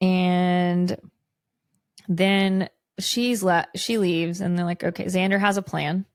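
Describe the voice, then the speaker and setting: Podcast co-host, woman, lowish voice, casual and animated when she retells scenes, dry close sound. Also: dry recording. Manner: animated, quotes characters in quick bits. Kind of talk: casual chat recapping a TV episode.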